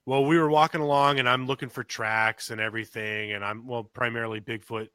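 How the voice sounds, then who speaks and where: Co-hosting a podcast, a man tells a story casually, swearing freely, restarting often, and acting out quotes with big jumps in his voice. He speaks fairly quickly in a mid-range, fairly even voice that is bright, forceful, clear, and resonant, captured in a dry recording.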